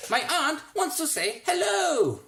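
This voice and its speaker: An actor, recording at home, playing a spoiled rich boy who shouts bossy orders. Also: huge pitch swings, unhurried, echoey room, exaggerated voice. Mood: yelling. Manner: shrill and bossy, yelling.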